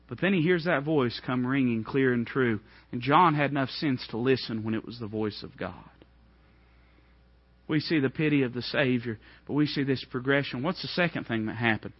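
A man preaching a sermon, swinging from hushed, low lines to ringing, high outbursts. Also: moderate pace, slightly rough, dry recording, dull audio.

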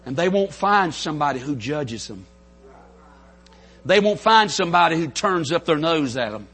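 Fervent country preacher from North Carolina. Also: male voice, big pitch swings, normal speed, husky. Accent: Southern US, North Carolina. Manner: fervent, builds to shouts, drops to soft intimate lows. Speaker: pastor. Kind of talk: sermon. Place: church sanctuary.

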